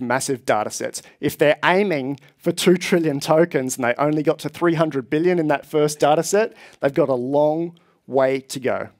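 A man's voice: medium pitch, darkish tone. Enthusiastic man giving a conference talk. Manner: enthusiastic, explanatory. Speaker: conference presenter. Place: conference hall.

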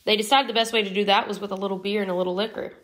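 A woman reading a novel aloud as an audiobook narrator in a steady, even storytelling manner. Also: mid-range voice, racing. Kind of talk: scripted narration.

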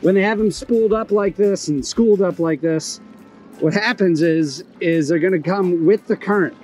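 A high-voiced man hosting a fishing video narrates with excitement from a small boat outdoors. Between bursts of cheering and exclamation, he gives instructive tips on how to fish, at an ordinary pace, over faint background music in a low-quality recording.

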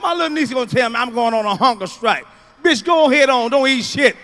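High bright-voiced comic guy, loud, cussing, acting out stories on stage. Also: a little fast. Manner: profane, loud, animated storytelling with acted-out shouts. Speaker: stand-up comedian. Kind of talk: stand-up comedy.

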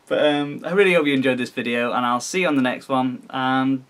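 A man's voice: mid-range voice, fairly quick, a bit bright. A man of thirty, tired after work, chatting casually on a toy vlog with a rambling, chuckling, flustered delivery full of ums. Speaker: toy collecting vlogger.

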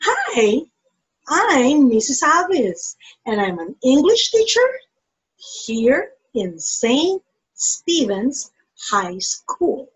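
Very high, slow sing-song woman teacher. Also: big pitch swings, breathy edge, low-quality recording. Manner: bright, sing-song, exaggerated. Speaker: preschool teacher. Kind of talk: playful lesson for young children.

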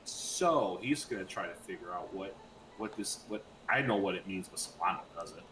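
Man, tabletop player, joking, deadpan, casual chat, faint hiss. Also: sits low, normal speed, reverberant.

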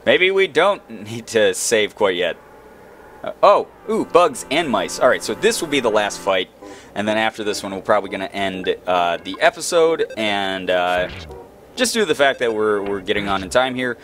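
A man's voice: on the low side, very animated, normal speed, a bit bright, soft background music. Goofy man joking through a game. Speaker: let's play gamer. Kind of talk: casual game commentary.

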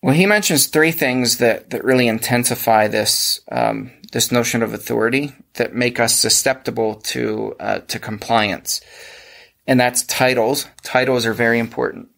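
A man's voice: mid-range voice, normal speed, vocal fry, a bit bright. A man with a Pennsylvania accent hosting a casual podcast discussion, explaining at length with frequent restarts. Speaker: podcast host.

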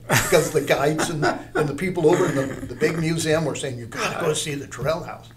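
A man's voice: fairly high pitch, fairly quick, few pauses, crowd noise. Older man telling rambling anecdotes. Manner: rambling, animated storyteller with many restarts. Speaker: guest, art teacher. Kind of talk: anecdotal interview storytelling.

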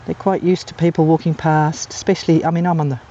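A woman's voice: low-pitched, little pitch movement, fast, dark tone, a little hiss or hum. A woman from England narrates off the cuff as she films wild birds on a golf course, wandering from one story to the next with lots of ums and uhs. The sound is a little muffled and dull, caught on a handheld camera mic outdoors. Birds squawk in the background. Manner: rambling, anecdotal, many ums and uhs. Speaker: amateur nature videographer. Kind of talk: casual off-the-cuff narration while filming.

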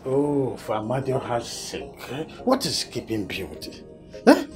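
An excitable, stammering Nigerian lover man. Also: mid-range voice, unhurried. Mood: impatient. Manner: excitable, stammering, squeals with delight. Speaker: film actor. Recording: faint film music underneath.

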